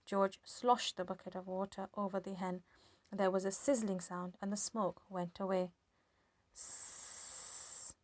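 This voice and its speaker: A woman reading a children's story aloud with lively, expressive storytelling. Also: mid-range voice, moderate pace, dry recording. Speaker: storybook reader.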